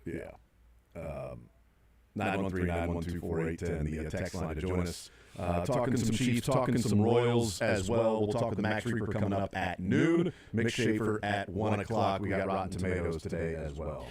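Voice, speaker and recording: Man, sports radio host, low voice, middle-aged, rambling with lots of ums and restarts. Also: moderate pace, crowd noise. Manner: rambling, many fillers and restarts.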